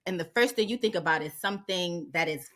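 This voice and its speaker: A woman's voice: lowish voice, fast, a bit bright. A woman, co-hosting a casual podcast chat with wry, laughing asides. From New York, Harlem. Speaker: podcast co-host.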